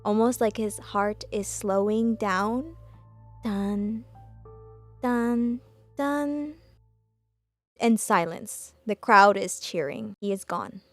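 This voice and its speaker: A woman hosting a reaction video, talking emotionally and stumbling over her words as she gets excited. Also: mid-range voice, measured pace, few pauses, soft background music.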